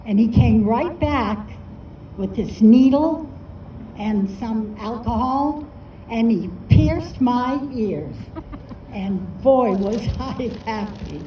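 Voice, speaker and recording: A woman's voice: on the high side, animated, slow, warm tone. Older woman telling a heartfelt story. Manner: earnest, heartfelt, encouraging. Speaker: festival storyteller. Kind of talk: personal storytelling talk. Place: live storytelling festival. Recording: distant, echoey, dull with faint noise.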